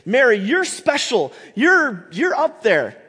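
A man's voice: extremely high pitch, huge pitch swings, slow, bright, forceful tone, slightly rough, big-room sound, pitched above the performer's own voice, full character voice. A man playing an effusive heavenly messenger. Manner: effusive, elevated, emphatic. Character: exuberant heavenly messenger, male.

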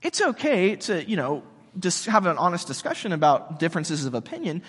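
A man preaching a sermon in a relaxed, chatty way, full of slang and fillers. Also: high voice, a little fast, husky, in a large hall. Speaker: pastor.

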